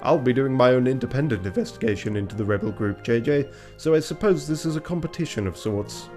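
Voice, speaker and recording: A man's voice: medium pitch, expressive, fast, darkish tone, soft background music, voice pushed up, close to an everyday voice. A man voicing a stern, pompous male bird police inspector in a strained, forced official tone. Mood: commanding.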